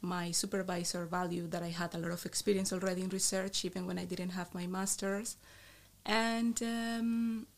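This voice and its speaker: A woman in her thirties from Colombia, speaking English with a Colombian Spanish accent, telling stories in a lively, laughing way as an interview guest. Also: mid-range voice, vocal fry. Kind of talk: casual interview chat.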